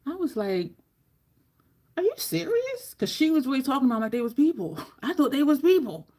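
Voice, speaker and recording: A fairly high-voiced woman tells a long story while she works through a makeup tutorial. She talks in a loose, casual way, swears freely, laughs often, and jumps into the voices of the people she quotes. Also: big pitch swings, fast talker, mellow. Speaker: makeup vlogger.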